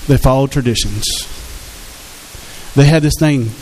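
A man's voice: a little high, fairly quick, a little mellow, rough recording. A man preaching a sermon as pastor, in a conversational way, often asking the congregation questions. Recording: faint hiss in the background.

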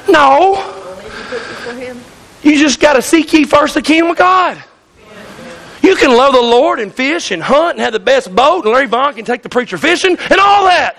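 A man's voice: very high voice, animated, moderate pace, creaky, fairly bright tone. A male pastor preaching a fiery sermon in church, hollering and calling out to the congregation. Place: church sanctuary.

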